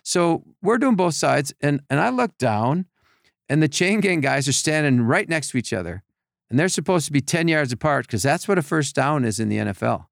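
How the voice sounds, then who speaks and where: A man telling animated stories in a casual chat, acting out other people's voices with lots of restarts. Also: on the high side, normal speed, gravelly, dry recording, clean studio sound. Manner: animated storyteller, acts out voices, many restarts. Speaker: podcast guest telling stories.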